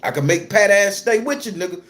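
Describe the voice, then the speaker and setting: A man's voice: high-pitched, lively intonation, brisk, fairly bright tone, voice pushed up. A man quoting a scheming witch auntie. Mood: coaxing. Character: scheming aunt, a witch woman.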